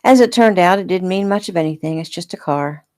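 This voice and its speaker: A woman reading the lines of a defensive, sharp-tongued young woman in a casual audiobook reading. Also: fairly low pitch, fairly quick, natural voice. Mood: prickly.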